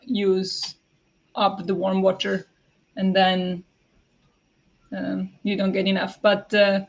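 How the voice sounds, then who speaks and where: A woman's voice: mid-range voice, completely flat delivery, slow, vocal fry. Chatty woman streamer. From Slovakia. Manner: chatty, rambling, many fillers. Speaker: streamer hosting reading sprints. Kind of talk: casual chat to live viewers. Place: home. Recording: dull lo-fi sound.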